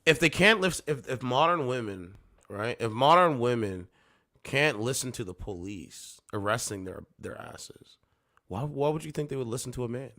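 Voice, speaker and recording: A man reacting to clips with animated, mocking commentary, hoarse from losing his voice. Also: mid-range voice, normal speed. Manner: animated, mocking, laughing, does loud mock voices. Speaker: commentary streamer.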